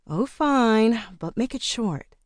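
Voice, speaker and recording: A woman voicing a practical woman who runs a book club in an audiobook, speaking briskly and gently firmly. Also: fairly high pitch, animated, no room sound, clean studio sound, voice pushed up. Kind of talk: audiobook character reading.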